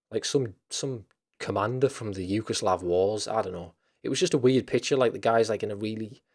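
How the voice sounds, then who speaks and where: A man hosting a casual chat stream, rambling loosely with lots of fillers, restarts and casual swearing. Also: on the low side.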